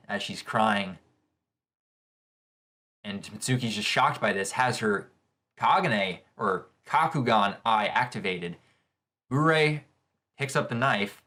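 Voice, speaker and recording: A man hosting a casual live reaction to a manga chapter, gushing with excitable exclamations as he reads along. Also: lowish voice, measured pace. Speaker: manga reaction channel host.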